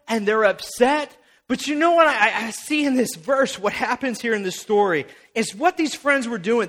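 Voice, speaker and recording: A young male pastor delivering a lively sermon, his voice strikingly high and bright. He tells the story like a performer, slipping into the characters' voices. His manner is casual and playful. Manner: animated storyteller acting out the scene.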